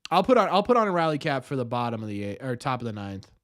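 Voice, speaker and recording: Excitable young man chatting to his stream. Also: medium pitch, fast talker. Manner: excitable, self-mocking banter with chat. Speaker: livestream host. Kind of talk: casual live watch-party chat.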